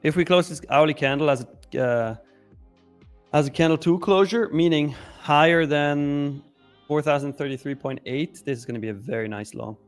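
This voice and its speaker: A man's voice: a little high, normal speed, smooth, soft background music. A man trading live on a stream, explaining his setup with hesitant fillers. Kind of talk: casual live trading commentary.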